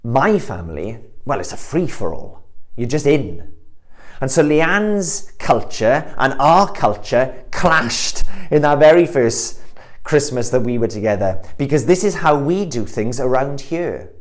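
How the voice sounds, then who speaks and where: A man preaching a sermon, earnest, swelling louder and slower on the key words. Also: mid-range voice, sing-song.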